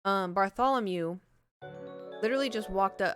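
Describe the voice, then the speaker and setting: A woman's voice: medium pitch, normal speed, a bit bright, faint music behind. A young adult woman streaming live, chatting casually in a rambling, self-deprecating way with lots of fillers and laughs, close on a large studio mic. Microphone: large studio microphone.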